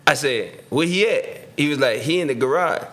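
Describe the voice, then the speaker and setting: A man's voice: a little high, moderate pace. A middle-aged man, telling a story casually as a podcast guest and acting out the voices of the people in it. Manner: animated, slangy, acts out voices in his story. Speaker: podcast guest, former pro football receiver.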